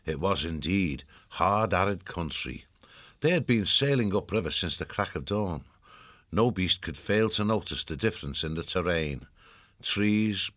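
A man reading a storybook aloud as narrator, in a measured, expressive way. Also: sits low, no room sound. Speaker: audiobook narrator.

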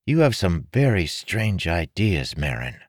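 A man's voice: deep voice, no room sound, voice pushed up, heavily acted. A man doing a dry, skeptical young nobleman. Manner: doubtful, flat, deliberate.

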